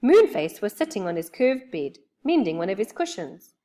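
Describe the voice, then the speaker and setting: A woman reading a children's storybook aloud with expressive, lively storytelling. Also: mid-range voice, moderate pace.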